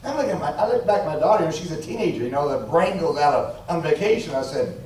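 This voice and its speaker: A man in his forties preaches a revival sermon in a church, his voice high for a man. He tells his stories with animation and keeps calling out to the congregation. He is picked up from a distance, with heavy echo in the room. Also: fast, few pauses, slight background noise. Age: 40s. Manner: storytelling, animated, calls out to the congregation. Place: church sanctuary. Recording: echoey church hall from far off.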